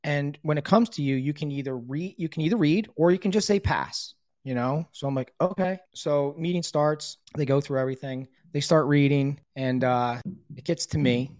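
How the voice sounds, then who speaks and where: A man's voice: a little high, normal speed, a little mellow, no room sound, studio quality. A middle-aged man casually telling the story of his own recovery, bluntly and with frequent swearing, acting out the dialogue he quotes.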